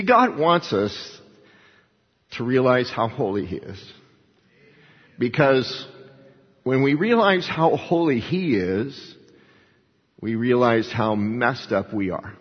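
A man's voice: mid-range voice, husky. A man preaching a sermon in a church, acting out quoted voices with emphatic rises. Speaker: pastor. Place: church sanctuary. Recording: dull lo-fi church recording with long reverb.

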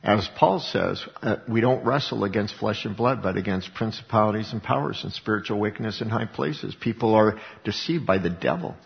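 A man with a fairly low, gravelly voice preaches to his congregation. He reads scripture, then unpacks it in plain, conversational talk full of rhetorical questions. His voice rings with a long reverb in a church hall, captured on a dull, lo-fi recording. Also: brisk, few pauses. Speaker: pastor. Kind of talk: sermon.

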